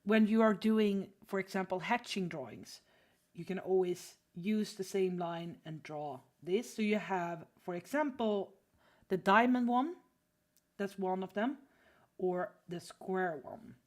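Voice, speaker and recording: A woman's voice: medium pitch, measured pace. A woman teaching drawing on a casual livestream, chatty and full of fillers, often apologizing while she reads chat. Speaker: art streamer teaching drawing.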